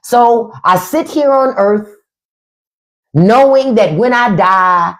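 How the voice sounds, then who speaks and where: A woman's voice: a little high, expressive, slow pace. A woman hosting a livestream, talking in a blunt, profane and sarcastic way. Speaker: livestream and podcast host. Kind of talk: unscripted livestream commentary.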